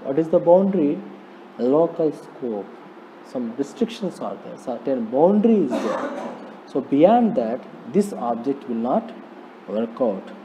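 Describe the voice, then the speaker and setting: A man with an Indian English accent giving a slow, repetitive programming lecture, often asking rhetorical questions. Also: medium pitch, sing-song, dark tone. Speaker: polytechnic lecturer. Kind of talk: recorded classroom lecture on programming. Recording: dull lo-fi recording, faint noise.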